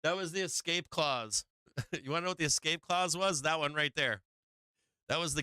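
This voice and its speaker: A man hosting a live trading stream, swinging between loose joking banter and calmer market talk, laughing often and swearing freely. His voice is bright and crisp, sitting a little high for a man. The sound is close and dry, with no room around it. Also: moderate pace, no echo. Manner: profane, joking, laughs often, animated bursts. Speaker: stock market livestream host. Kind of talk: casual live trading commentary.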